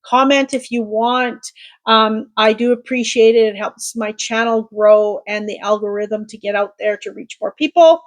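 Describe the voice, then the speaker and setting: A middle-aged woman from Canada speaks to camera as a tarot reader, her voice pitched a little high. She talks in a gentle, reassuring way, often pausing on fillers and restarting her sentences. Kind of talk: intuitive tarot reading to camera.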